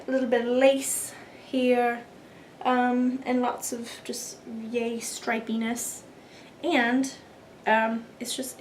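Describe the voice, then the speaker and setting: A young woman hosts a knitting video podcast, chatting casually as she shows off her work, rambling a bit with fillers and restarts. Her voice is fairly high, and there is slight background noise.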